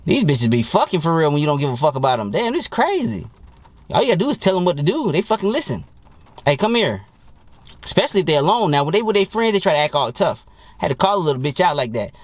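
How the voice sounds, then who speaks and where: A dating coach talking to camera in a blunt, profane and boastful way, in a casual monologue. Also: male voice, a little high, very animated, racing, dry recording.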